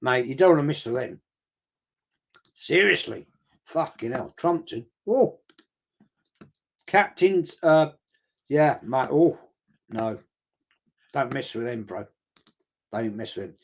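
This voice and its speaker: A man's voice: mid-range voice, expressive, takes it slowly, pauses often. An older man, hosting a football watch-along and telling blunt, sweary, confrontational stories in casual chat. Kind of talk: casual live-stream chat.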